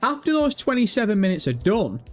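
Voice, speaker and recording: Young male stream host, higher voice, jittery and sweary, faint music bed. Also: brisk. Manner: excitable, profane, chatty. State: nervous. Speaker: livestream host. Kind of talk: casual live-stream chat.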